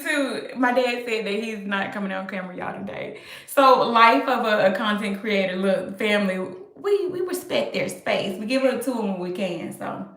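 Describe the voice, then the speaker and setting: An upbeat, animated woman hosting a casual live stream from home, talking straight to her viewers. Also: a little high. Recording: echoey room.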